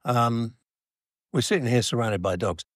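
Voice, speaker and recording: A man's voice: medium pitch, measured pace, no echo, studio quality. A middle-aged man with a Geordie accent, rambling and self-deprecating in a casual chat with his wife.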